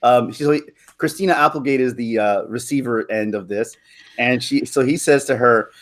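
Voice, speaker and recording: A young adult man hosting a casual chat, telling stories with lots of loud silly impressions. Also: medium pitch, normal speed. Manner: animated storyteller, jumps into loud silly impressions. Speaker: host.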